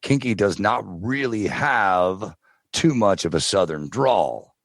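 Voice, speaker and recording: Very deep-voiced man, dry studio sound. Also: slow pace, no echo. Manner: relaxed storytelling, tries out character voices. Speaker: podcast guest, audiobook narrator. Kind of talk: casual interview chat.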